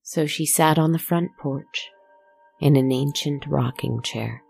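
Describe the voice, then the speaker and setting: A storyteller narrating a slow, meditative tale in a soft, reflective manner, with asides to the listener. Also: medium pitch, gravelly, husky, faint music behind.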